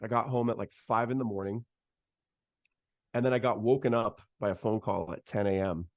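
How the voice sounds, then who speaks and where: Gravelly low-voiced man telling a story. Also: steady tone, moderate pace, dry recording. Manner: chatty, heavy use of "like" and "man". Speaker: guest saxophonist. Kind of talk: casual storytelling.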